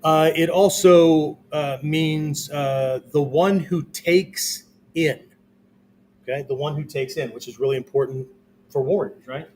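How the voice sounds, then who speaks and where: His voice is a little high and darkish, a touch slow, over slight background noise. Giving a whiteboard lesson in martial arts, this male instructor explains loosely with fillers and constantly asks his listeners "okay?" and "right?"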